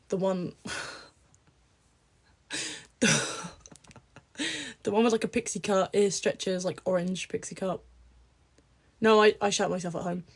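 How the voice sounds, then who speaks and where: A young woman chats with her viewers on a livestream. Her talk is casual, blunt and openly crude, and she laughs often as she goes. She keeps it loose and unfiltered. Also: medium pitch.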